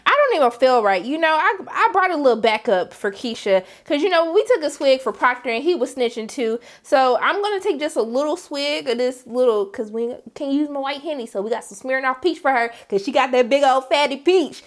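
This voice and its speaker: Brief: high-voiced woman vlogger, casual slangy recap, animated, acts out the scenes. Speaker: TV review vlogger.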